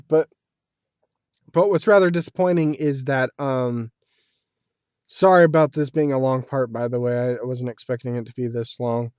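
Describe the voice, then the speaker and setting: A man's voice: medium pitch, moderate pace, pauses often, a little mellow, clear, resonant tone, no room sound, clean studio sound. A man giving casual solo commentary as a video creator, talking in a chatty, rambling way like a fan. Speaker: video creator reviewing an anime series.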